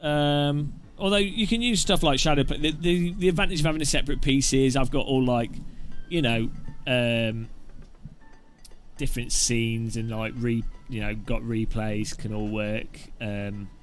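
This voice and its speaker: A man's voice: medium pitch, steady tone, normal speed, soft background music. A man chatting casually on a live stream, answering viewers' questions in a rambling way with lots of fillers and asides. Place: home streaming setup with several webcams.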